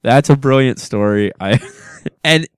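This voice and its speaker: A man's voice: medium pitch, animated, a little slow, clear, resonant tone, dry recording, clean studio sound. A man co-hosting a casual podcast with his wife, chatting loosely and chuckling often. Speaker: podcast co-host.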